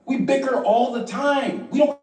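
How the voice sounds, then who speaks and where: A man's voice: very high-pitched, normal speed, a little mellow. A man from Florida performing a stand-up comedy set, acting out other people's voices and laughing between lines. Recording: roomy hall, far from the mic, noisy.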